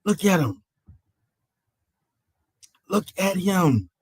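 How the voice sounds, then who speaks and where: A man's voice: high-pitched, lively intonation, very slow, breathy edge, dry recording. A man hosting an online panel, ranting in a mocking, profane way, stammering and repeating his phrases. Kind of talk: heated live-stream rant.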